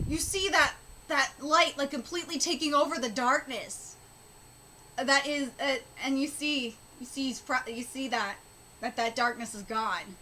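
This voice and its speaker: A woman streaming a live manga reaction, reading aloud and talking excitably, swearing and stammering as she goes. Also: high-pitched, moderate pace. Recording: steady background noise.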